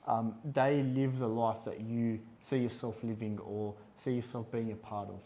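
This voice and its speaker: Casting note: male podcast co-host, lively storyteller who acts out quotes, faint hiss behind. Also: medium pitch, unhurried. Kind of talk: casual chat.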